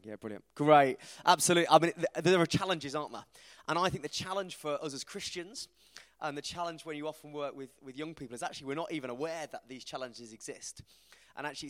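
A man, giving an informal, self-deprecating talk to a church group, animated as he tells stories. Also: mid-range voice. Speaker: preacher. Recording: reverberant hall.

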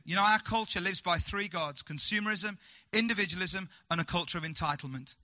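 Here a high-voiced man delivers a sermon, swinging from loud urgency to quiet, slow passages while asking the congregation rhetorical questions.

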